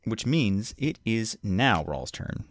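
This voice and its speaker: A man narrating as game master of a tabletop role-playing game, relaxed and hesitant, with many fillers. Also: on the low side, takes it slowly, no room sound.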